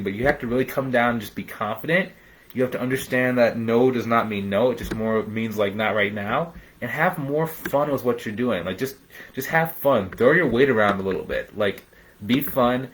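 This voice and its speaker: Casual energetic male business coach. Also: mid-range voice, low-quality recording. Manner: casual, energetic, says "man" and "dude", acts out clients in quick voices. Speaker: business coach hosting a live training. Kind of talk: live-streamed coaching talk.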